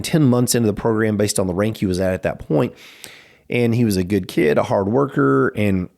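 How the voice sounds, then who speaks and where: A man who runs a martial arts school, talking casually in a podcast interview and telling stories with plenty of "you know" fillers. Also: darkish tone. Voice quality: gravelly, creaky low voice.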